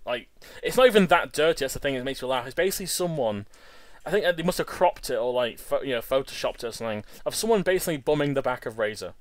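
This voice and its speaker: A man hosting a game video, giving casual, excitable commentary that stumbles over repeated words and restarts. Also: medium pitch, fast, no room sound. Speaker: Let's Play host.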